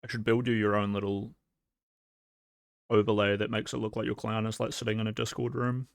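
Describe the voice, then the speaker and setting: A young male streamer rambling through casual chat, full of ums and little laughs. His voice sits low with a gravelly fry. The sound is close and dry. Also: little pitch movement, a little fast, no room sound. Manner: rambling, with many fillers and laughs. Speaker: livestream host.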